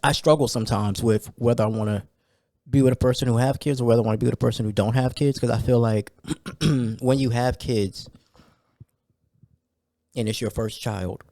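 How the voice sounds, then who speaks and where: A man hosting a solo podcast in a loose, conversational way, full of fillers and sudden excited rants. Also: medium pitch, brisk, pauses often, no room sound, clean studio sound. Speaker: podcast host. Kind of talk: casual solo podcast talk.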